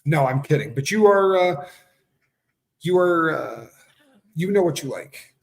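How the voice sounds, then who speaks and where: A man co-hosting a relaxed livestream chat, his voice sitting a little high for a man. He teases and jokes, often trailing off into fillers mid-thought. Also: a little slow, vocal fry. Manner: teasing, laughing, trailing off with fillers. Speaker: co-host. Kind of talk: casual couple's livestream chat.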